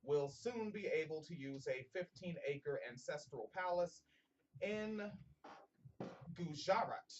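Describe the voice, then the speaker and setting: A man's voice: on the high side, animated, slow pace, far from the mic, highs cut off. A man hosting a casual comedic podcast, reading a news story aloud with many fillers and stumbles, and joking with profanity. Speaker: podcast host.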